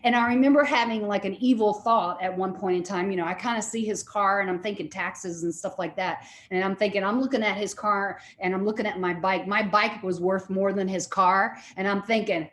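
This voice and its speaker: Woman lecturer, lively storyteller, mid-pitched voice, roomy echo. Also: brisk, hardly any pauses. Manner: animated storytelling with repetitions. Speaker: lecturer and therapist. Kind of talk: recorded lecture.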